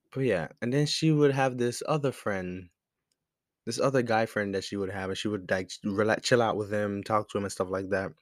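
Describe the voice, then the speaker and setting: A man's voice: fairly low pitch, animated, unhurried, pauses often, fairly bright tone, dry recording, clean studio sound. A young man at home telling a casual, rambling story about a past friendship. He swears freely and laughs often in a laid-back way. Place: at home at a desk with a laptop.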